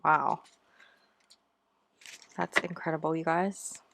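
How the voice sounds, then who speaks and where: A woman's voice: low voice, little pitch movement, takes it slowly, vocal fry, fairly bright tone. A woman giving a pick-a-card tarot reading to her viewers, gushing and encouraging and calling them "you guys.". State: out of breath. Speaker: tarot reader. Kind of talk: casual tarot reading to camera.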